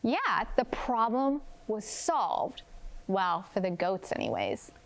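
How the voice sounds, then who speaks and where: A woman kindergarten teacher reading a story aloud and gently asking young children questions about it. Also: mid-range voice, takes it slowly, vocal fry. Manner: gentle, expressive, prompting questions.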